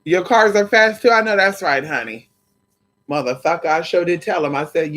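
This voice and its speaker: Sassy and foul-mouthed, this livestream host talks casually with her viewers, addressing them as honey and girl. Her medium-pitched voice is brisk and animated, and she keeps slipping into quoted voices.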